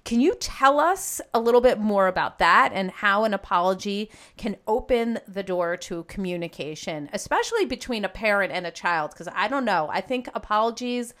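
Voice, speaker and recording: A woman's voice: mid-range voice, fairly bright tone. A woman hosting a parenting podcast, asking questions in a chatty, enthusiastic way with self-deprecating asides. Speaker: podcast host. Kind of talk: podcast interview.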